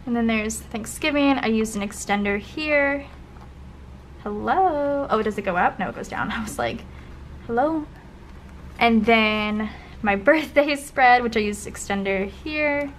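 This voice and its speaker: A young woman chats her way through old planner spreads, gushing and dropping into soft, breathy asides. Her voice sits a little high. A faint background hiss runs under the home recording. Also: measured pace. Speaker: planner vlogger. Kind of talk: casual flip-through commentary.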